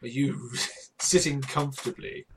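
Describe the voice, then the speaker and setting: A man's voice: mid-range voice, slow pace, a little hiss or hum. A man co-hosting a comedy podcast, chatting casually, often repeating his words and laughing. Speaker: podcast co-host.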